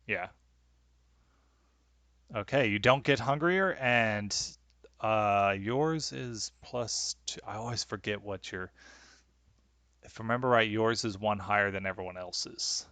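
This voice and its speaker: A man's voice: on the low side, measured pace, long pauses, sharp tone, no echo. A man running a tabletop game as game master, talking with many hesitations and fillers.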